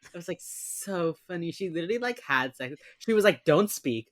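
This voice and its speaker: Lively podcast co-host acting out scenes. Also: mid-range voice, moderate pace, dry recording, clean studio sound. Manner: animated storyteller who acts out the characters' lines. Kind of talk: casual chat recapping an episode.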